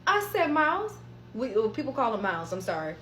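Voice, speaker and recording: A woman with a fairly high voice tells a personal story straight to her viewers, animated and freely swearing. Her voice rings in a roomy space. A faint hum sits underneath. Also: brisk. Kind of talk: casual storytime monologue.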